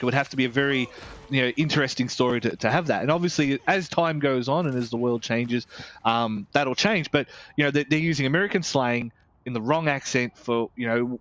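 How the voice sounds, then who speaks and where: A man's voice: medium pitch, fairly bright tone. A man with an Australian accent reviewing a video game in casual chat, rambling and candid, swearing freely.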